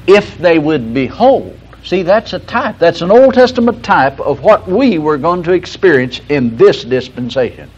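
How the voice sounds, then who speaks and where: Folksy older preacher on lo-fi radio. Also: male voice, a little high, big pitch swings, slightly rough. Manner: folksy storytelling preacher, slow emphatic stresses. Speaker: radio Bible teacher. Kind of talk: broadcast sermon. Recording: dull lo-fi broadcast recording.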